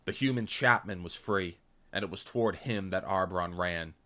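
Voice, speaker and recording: A man narrating an action-packed novel in first person, intense and punchy, voicing loud sound effects. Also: deep voice, moderate pace. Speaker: audiobook reader.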